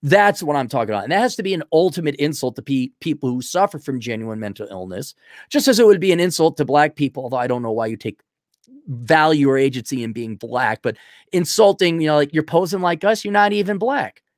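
A young man hosting a livestream, reading out donations and giving blunt, crude opinions, swinging from loud outbursts to low mumbling. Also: lively intonation, fast talker, no room sound, studio quality. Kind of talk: casual opinionated monologue.

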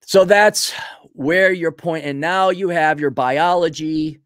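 A middle-aged man giving rambling, folksy advice to a listener in a casual monologue, with sudden loud swings as he tells stories. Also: fairly high pitch, takes it slowly, no room sound, studio quality. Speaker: advice host answering a listener.

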